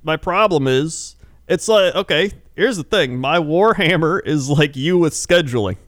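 A man's voice: fairly high pitch, expressive, unhurried, fairly bright tone, dry recording, clean studio sound. Laughing, rambling man in casual chat. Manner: laughs often, rambling storytelling. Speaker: podcast co-host.

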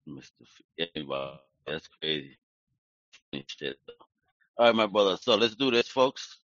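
A man's voice: low voice, very animated, unhurried, fairly bright tone, no room sound. A man hosting a podcast interview in a casual chat, hyped and slangy, swearing freely as he plugs his guest. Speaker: podcast host. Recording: dry, muffled lo-fi podcast audio.

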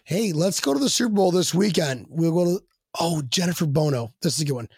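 Husky, rambling man swearing through stories. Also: a little high, animated, brisk, no room sound, studio quality. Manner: rambling, swearing, laughing storyteller. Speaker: guest fan. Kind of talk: casual podcast chat.

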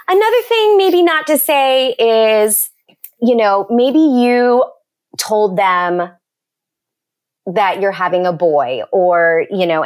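A woman doula talking as a podcast guest, enthusiastic and animated, acting out little quotes as she goes. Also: medium pitch. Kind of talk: casual podcast chat.

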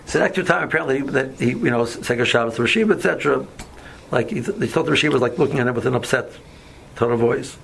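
Male Torah teacher, chatty and rambling, gravelly, faint hiss behind. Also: mid-range voice, quick pace, a bit bright, poor audio. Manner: rambling, many fillers, mixes Hebrew and Yiddish terms. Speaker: yeshiva teacher. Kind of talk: casual Torah lecture with stories.

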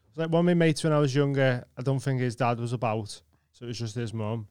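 A man's voice: mid-range voice, steady tone, fast, darkish tone, clean tone, dry recording, clean studio sound. A man, co-hosting a podcast in casual chat, swearing freely and acting out quoted voices. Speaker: podcast co-host. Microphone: studio mic.

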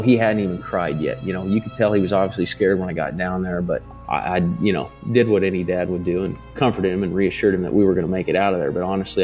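A man with a deep, mellow voice tells his story in a halting, hesitant way, full of fillers and restarts. He sounds like a father in his thirties speaking in an interview. Soft music plays faintly beneath him. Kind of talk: interview testimony.

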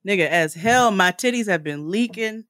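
A woman's voice: mid-range voice, animated, moderate pace, fairly bright tone, no echo, studio quality. Blunt comic woman podcast co-host. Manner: blunt, exaggerating comic storyteller. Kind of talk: casual chat.

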